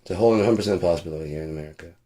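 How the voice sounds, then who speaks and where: Man host, low-pitched, swears constantly, rambles sarcastically through an off-the-cuff rant. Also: very fast, mellow. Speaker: podcast host. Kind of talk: casual profane rant.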